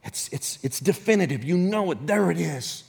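A man preaching a sermon, swinging between shouted appeals and hushed, whispered prayers. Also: fairly high pitch, lively intonation, normal speed, creaky, husky, in a large hall.

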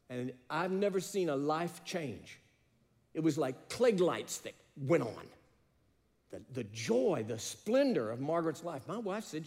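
A man's voice: fairly high pitch, big pitch swings, unhurried, darkish tone, in a large hall. A man preaching a sermon, telling stories and building to emphatic peaks. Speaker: pastor.

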